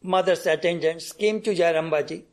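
A man's voice: a little high, steady tone, moderate pace. A man giving a devotional talk, telling anecdotes and acting out bits of dialogue, coughing often, with frequent restarts. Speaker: spiritual speaker.

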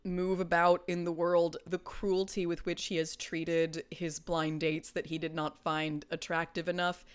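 A young woman talks through a show with her co-host in an animated, casual way, cursing freely. Her voice sits a bit low. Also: a little slow, hardly any pauses, smooth. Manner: animated, swears freely, acts out lines in quotes. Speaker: podcast co-host. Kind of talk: casual chat.

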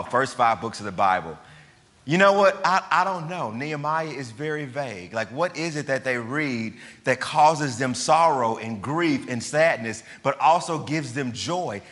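A male pastor preaches a sermon conversationally, frequently posing questions to the congregation. His medium-pitched, fairly bright voice moves at a normal pace with lively intonation, and a large hall's long reverb surrounds it.

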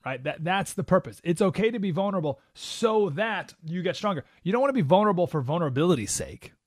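A man's voice: sits high, quick pace, no echo, clean studio sound. A male radio talk show host delivering an emphatic, preachy opinion monologue. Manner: animated, emphatic, preachy with acted-out quotes.

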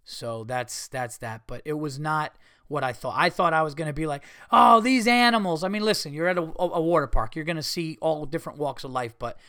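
Profane, animated storytelling man. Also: on the high side, fairly quick, smooth, dry recording, studio quality. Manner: animated, profane, retells scenes with quoted voices. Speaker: podcast host. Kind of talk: casual storytelling monologue.

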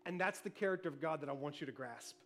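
A male pastor preaching a sermon, telling family stories with animated energy, shouting cheers and then dropping soft. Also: fairly high pitch, fast.

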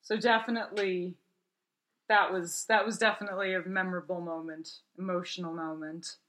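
A woman co-hosting a casual chat, talking in a relaxed, rambling way. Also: on the low side, brisk.

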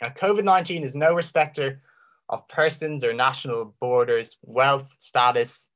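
A man giving an impassioned Christian apologetics talk, full of rhetorical questions and dramatic pauses. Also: mid-range voice, steady tone, a bit bright. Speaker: Christian speaker.

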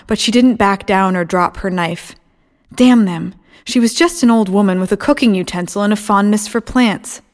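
List: woman, audiobook narrator, measured, steady, mid-pitched voice.

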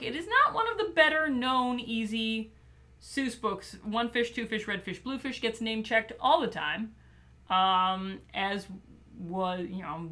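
Woman podcast host, bright voice, chatty, playful, casual. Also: medium pitch. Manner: chatty and playful, with many fillers. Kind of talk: casual chat about children's books.

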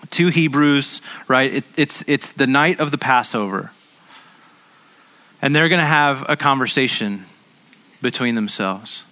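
Man, pastor, sermon, conversational, repeats himself, middle pitch. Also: sharp tone. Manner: conversational, repeats words as he restarts.

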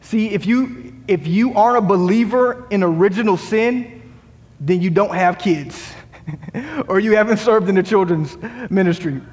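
A man with a notably high voice preaches to his congregation, building emphasis as he quotes scripture and drops in wry jokes. His voice rings out with a long reverb from the church sanctuary. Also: measured pace, a little mellow. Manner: humorous asides. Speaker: pastor. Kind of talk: sermon.

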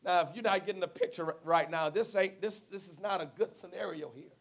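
A man's voice: sits high, brisk. A man preaching a sermon as a guest preacher, telling a Bible story and acting out its dialogue. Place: church before a congregation.

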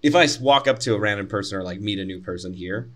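Young American man, bright tone, lowish voice, blunt sarcastic podcast chatter. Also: fast talker. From United States. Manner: blunt, sarcastic storytelling with swearing. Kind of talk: casual chat.

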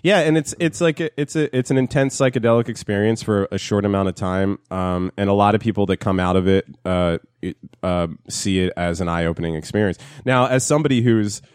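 A New Jersey man chats on a podcast with a fairly low voice, rattling off stories at speed with plenty of swearing. The sound is close and dry, with no room around it. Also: clean tone, no echo. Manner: fast-talking, swearing, storytelling with impressions. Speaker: podcast co-host. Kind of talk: casual chat.

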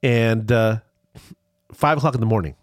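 A man's voice: on the low side, normal speed, dry recording, clean studio sound. A man telling a rambling travel story in casual chat, with many restarts.

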